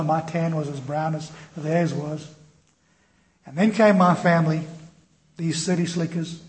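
A man preaching a sermon with impassioned storytelling, swinging from loud to quiet. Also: a little high. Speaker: pastor. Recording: echoey room with faint noise.

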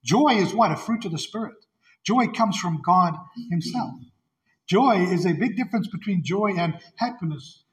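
A man's voice: sits high, lively intonation, normal speed, rough recording. A male pastor preaching an expository sermon in an earnest, emphatic way, often repeating his key phrases.

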